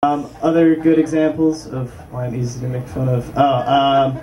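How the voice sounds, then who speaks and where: A man's voice: medium pitch, flat delivery, moderate pace, mellow. A young man doing a rambling, self-deprecating stand-up set at a small club. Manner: rambling self-deprecating jokes with frequent ums. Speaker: stand-up comedian. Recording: distant mic with room noise.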